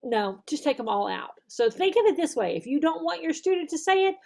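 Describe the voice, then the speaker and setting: A woman, an online English teacher explaining classroom techniques, often acting out slow, exaggerated example phrases and checking in with "okay?". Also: sits high, very animated, creaky, a little mellow. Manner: demonstrates phrases slowly and exaggerated, tags "okay?". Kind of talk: instructional video talk.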